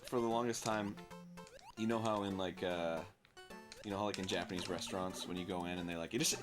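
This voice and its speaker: A man's voice: deep voice, fairly even intonation, a little fast, music in the background. A man in a casual chat as a co-host, ranting and acting out exasperated quotes.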